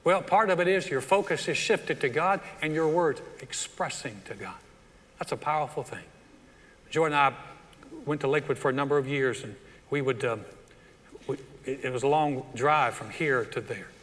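A middle-aged man preaching a sermon as pastor, animated and acting out the voices of churchgoers. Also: medium pitch, moderate pace. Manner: animated preaching that acts out quoted voices of the congregation. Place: large church hall. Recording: long hall reverb.

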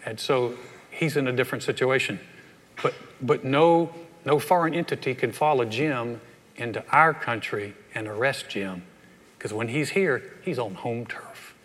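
Folksy pastor in an echoey hall. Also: male voice, medium pitch, a little slow, fairly bright tone. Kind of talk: humorous sermon. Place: large church sanctuary. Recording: echoey hall with long reverb.

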